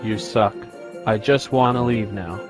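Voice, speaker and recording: A man's voice: lowish voice, a little slow, lightly acted. A man playing a sulky boyfriend in a skit, trading stiff insults. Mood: insulting. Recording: music playing loudly under voice.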